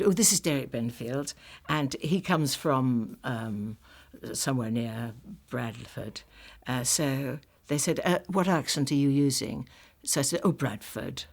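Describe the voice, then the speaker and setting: Low-voiced woman telling a story. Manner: animated, acts out the dialogue. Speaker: actress being interviewed. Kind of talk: anecdotal interview.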